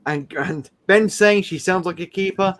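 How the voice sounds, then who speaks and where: A man hosting a live stream, telling rambling, animated stories with frequent laughs. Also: sits high, moderate pace. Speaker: streamer host. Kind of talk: casual live-stream chat.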